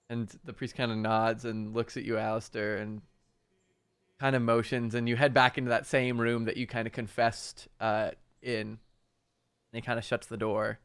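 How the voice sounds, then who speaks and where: A man's voice: mid-range voice, flat delivery, normal speed, a bit bright, clear, resonant tone. A man narrating as game master, casual and full of fillers.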